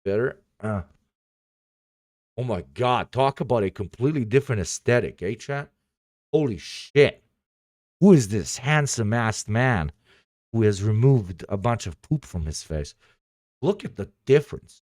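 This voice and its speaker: A man's voice: fairly low pitch, expressive, unhurried, long pauses, darkish tone, dry recording. Profane sarcastic livestreamer man, dry mic. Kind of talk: casual livestream chat.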